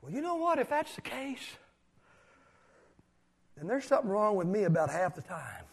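An older man preaching a sermon as pastor, repeating phrases emphatically and swinging from shouts down to hushed asides. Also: high-pitched, very animated, moderate pace, husky.

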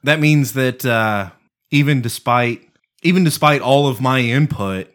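A man co-hosting a podcast in casual chat, profane and excitable, arguing with emphasis. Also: mid-range voice, measured pace. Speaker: podcast co-host.

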